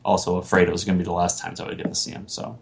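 A man's voice: low voice, completely flat delivery, rapid-fire, creaky, a little hiss or hum. A man hosting a casual podcast chat, rambling with lots of fillers and restarts. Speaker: podcast host.

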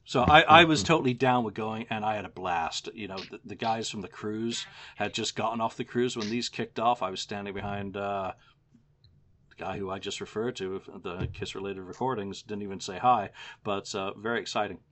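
A man's voice: lowish voice, steady tone, moderate pace, bright, forceful tone. Self-mocking middle-aged English man. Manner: self-mocking, swears casually. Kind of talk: casual chat.

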